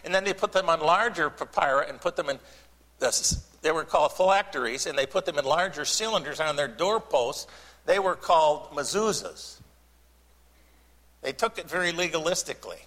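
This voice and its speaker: A pastor giving a sermon, folksy and joking, with long pauses between phrases. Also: male voice, fairly high pitch, expressive, fairly bright tone. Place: church sanctuary. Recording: church hall reverb.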